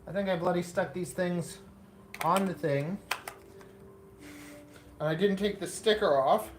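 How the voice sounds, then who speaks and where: A man's voice: sits high, a little slow. A man with a somewhat raised voice hosts a casual live stream from his indoor setup. He rambles and mutters half to himself while he tests equipment. Faint music plays behind him. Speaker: livestream host.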